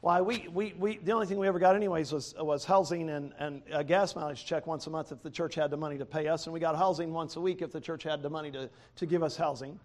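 A man preaching a sermon, a former pastor, who swings from loud to quiet and laughs between points. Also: fairly high pitch, fairly even intonation, quick pace, hardly any pauses.

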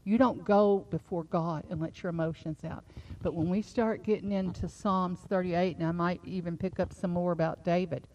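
A middle-aged woman preaching a sermon, moving from a quiet personal story into fervent, rising exhortation. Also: fairly low pitch, steady tone, moderate pace, a little hiss or hum. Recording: slightly dull lo-fi sound.

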